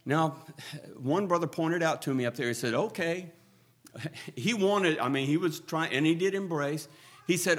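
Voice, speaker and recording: A man preaching with fervor in a fairly high voice. He drops to a hush, then swells to loud, ringing lines as he quotes scripture. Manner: swings from hushed to loud, fervent. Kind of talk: sermon.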